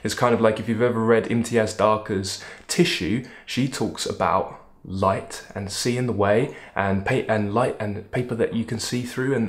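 A man teaching a poem in a lively, emphatic way, thinking aloud with frequent restarts. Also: on the low side. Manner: animated, emphatic, musing with restarts. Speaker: literature teacher. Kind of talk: lecture-style video analysis.

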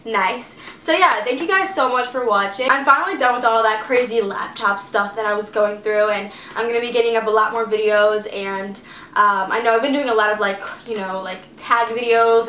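A woman's voice: medium pitch, bright, forceful tone, a little hiss or hum. A woman beauty vlogger wrapping up a casual video, chatty and upbeat, with lots of fillers. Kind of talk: casual vlog outro. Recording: echoey room with faint ambience.

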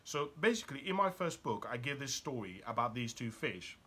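A man gives a motivational talk in a bright, slightly husky voice. His pitch swings widely as he presses the listener with one probing question after another. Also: sing-song, a little fast. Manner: urgent and probing, fires rhetorical questions at the listener. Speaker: motivational speaker and author.

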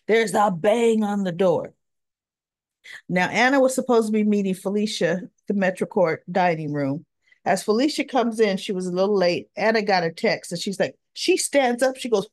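A woman's voice: mid-range voice, moderate pace, a little mellow, dry recording. A woman hosting a daily soap opera recap, retelling scenes in a chatty way and acting out the characters' lines. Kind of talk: casual recap narration.

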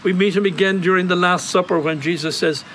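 An Irish priest giving a reflective homily outdoors at a grotto, telling stories in a gentle, conversational way. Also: male voice, sits high, fairly even intonation, brisk, slight background noise, rough recording. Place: outdoor grotto on monastery grounds.

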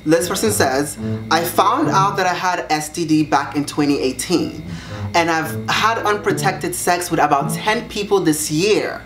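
A young man reading viewer secrets aloud on his vlog, sassy and dramatic, jumping up high in pitch to make a point. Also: measured pace. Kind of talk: casual vlog reaction. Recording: echoey room with music behind.

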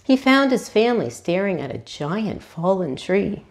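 A woman reading a children's storybook aloud as a volunteer, animated and chatty with her young listeners. Her pitch sits in the middle but swings widely and expressively. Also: unhurried. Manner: animated, asks listeners questions. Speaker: hospital volunteer reader.

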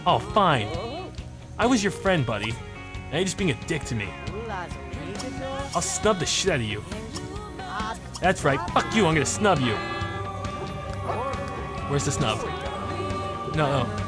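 A man hosting a let's play video, excitable and joking, swearing freely and jumping between muttering and yelping. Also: fairly high pitch, a little slow, pauses often. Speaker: gaming channel host. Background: game music.

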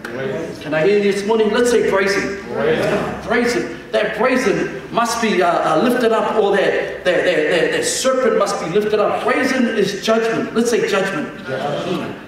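High-voiced preacher in an echoey hall. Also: male voice, distant mic. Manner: call-and-response preaching, stammering restarts. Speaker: senior pastor. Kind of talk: sermon. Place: church.

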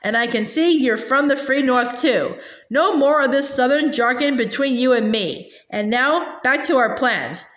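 A woman reading a haughty talking stallion, proud, scornful, storybook, brisk, fairly high voice, roomy echo. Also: fairly bright tone. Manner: haughty and brisk, talks down to the boy. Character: proud talking male war horse, scornful yet protective.

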